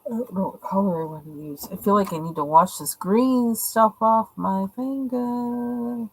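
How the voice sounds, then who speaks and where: A woman's voice: medium pitch, a little slow, a little hiss or hum, rough recording. A woman hosting a live coloring stream, chatting casually in a rambling, hesitant way with many fillers. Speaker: livestream host coloring. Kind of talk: casual chat while coloring.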